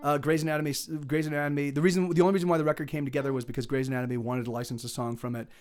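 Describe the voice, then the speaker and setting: A man's voice: a little high, steady tone, very fast, a little mellow, faint music behind. A middle-aged male musician streaming live, chatting casually between songs and rambling with many restarts. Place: home streaming setup.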